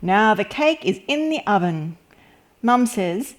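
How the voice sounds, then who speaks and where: A woman reads a picture book aloud for young children, taking her time over every line. Her delivery is gentle and expressive, at an unhurried pace and an ordinary middle pitch. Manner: slow, gentle, expressive storytelling. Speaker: children's story reader.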